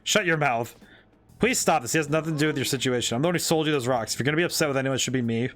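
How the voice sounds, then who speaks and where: A man reading aloud the lines of an earnest young female fortune teller from a game, in a calm and sincere tone. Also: mid-range voice, racing, soft background music, close to an everyday voice. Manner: reads the dialogue aloud in his own voice, calm and sincere.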